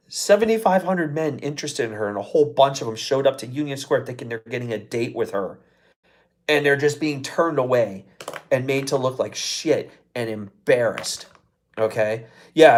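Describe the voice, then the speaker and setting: A man hosting his own live show, ranting casually with a lot of profanity and exasperation. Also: fairly high pitch. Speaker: show host.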